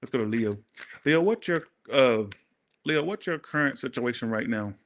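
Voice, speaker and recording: A man doing a casual tarot reading, talking straight to his viewers in a blunt, sassy, animated way. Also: mid-range voice, normal speed. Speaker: tarot reader.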